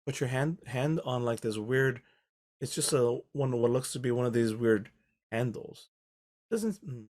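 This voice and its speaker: A man narrating as game master of a tabletop game, describing the scene in a halting, rambling way. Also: mid-range voice, lively intonation, darkish tone.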